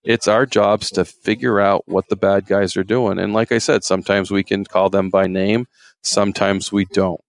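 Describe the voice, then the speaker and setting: A man's voice: lowish voice, fairly even intonation, moderate pace, dry recording. A man, a former game warden, telling stories in a rambling, folksy way with many fillers. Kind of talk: casual storytelling interview.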